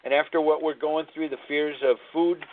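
A man's voice: a little high, steady tone, moderate pace. A man in his sixties hosting a live radio talk show, telling candid personal stories in a rambling way with frequent restarts. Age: 60s. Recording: tinny phone-line sound.

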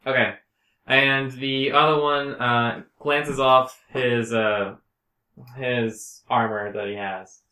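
A man's voice: mid-range voice, takes it slowly. Laid-back man running a tabletop game. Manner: relaxed, laughs often, plays guards in plain voice. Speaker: game master. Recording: echoey room.

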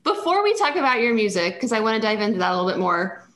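A woman hosting a podcast interview, affirming her guest often and talking quickly and effusively when she gets excited. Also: on the high side, a little hiss or hum. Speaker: podcast host. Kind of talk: conversational interview. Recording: roomy echo.

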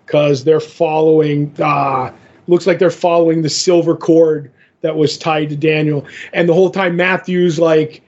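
A man's voice: on the high side, little pitch movement, normal speed, a little mellow. A man co-hosting a podcast, rambling as he retells a comic book story and acts out the characters' lines. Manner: rambling retelling, acting out quotes. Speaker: podcast co-host. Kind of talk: casual comic book recap. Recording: dull lo-fi podcast audio.

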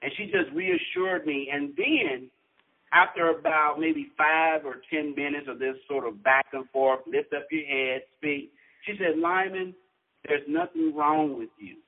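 A man with a fairly high voice speaks earnestly over a tinny phone line. He builds his points in a rising, preacher-like rhythm, like a motivational speaker. He is a guest telling his own story. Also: fairly even intonation, a little slow. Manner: earnest and inspirational, preacher-like cadence. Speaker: author and guest.

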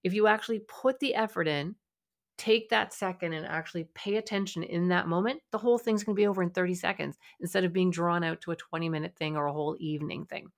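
Lowish-voiced woman parenting podcast host. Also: fast talker, gravelly. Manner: conversational, animated storytelling with light laughs. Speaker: podcast host, child and family therapist. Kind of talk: solo podcast talk.

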